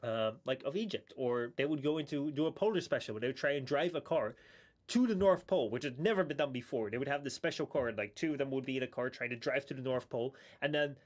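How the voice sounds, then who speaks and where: A man's voice: mid-range voice, fast. A man chatting casually on a live stream, rambling with many restarts and chuckles.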